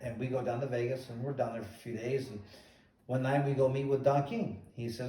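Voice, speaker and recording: A man hosting a show and telling a long story in an animated, casual way, often repeating "he goes". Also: mid-range voice, a little fast. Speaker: host, former boxer. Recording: roomy echo, distant mic.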